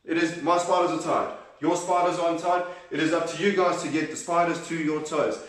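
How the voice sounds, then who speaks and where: A man's voice: on the high side, steady tone, a little fast, a bit bright. A man leading a children's workout, cheerfully encouraging and counting reps aloud, sometimes out of breath. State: out of breath at times. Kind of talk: leading a kids' exercise class. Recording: very echoey room, voice from a distance.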